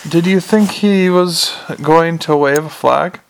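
A man's voice: on the high side, slow pace, gravelly, a little hiss or hum. A man reading aloud, voicing a dry, sardonic young female watch officer.

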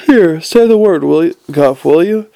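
A man reading aloud and voicing a suspicious, slow-witted stable hand who keeps asking questions. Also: high voice, animated, vocal fry, darkish tone, dry recording, voice pushed up.

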